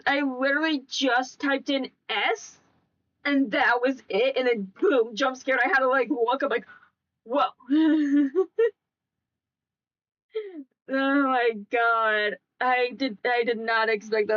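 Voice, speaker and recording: A woman's voice: on the high side, a bit bright, dull audio. A young woman streaming a casual chat, giggling and breaking into laughing fits as she talks.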